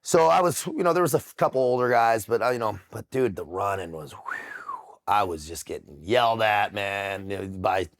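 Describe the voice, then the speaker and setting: A middle-aged man telling his story in a casual interview, blunt and profane, with frequent halting restarts. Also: on the low side, animated. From United States. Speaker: interview guest.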